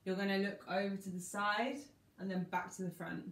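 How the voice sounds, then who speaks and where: A woman's voice: medium pitch, steady tone, brisk, fairly bright tone. A woman dance teacher talking through each move of a combination step by step and half-speaking the song lyrics. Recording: echoey room.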